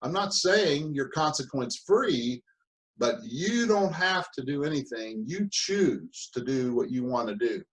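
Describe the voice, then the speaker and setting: A man's voice: mid-range voice, animated, a little slow, low-quality recording. Emphatic male motivational speaker. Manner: emphatic, punchy repetition, acts out whiny victim voices. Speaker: mentor and speaker. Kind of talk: motivational seminar talk.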